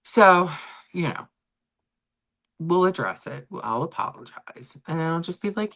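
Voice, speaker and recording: A woman's voice: lowish voice, unhurried, vocal fry, long pauses. A middle-aged woman hosting a casual livestream chat with viewers, rambling and talking freely. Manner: chatty, animated, rambling with restarts. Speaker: livestream host.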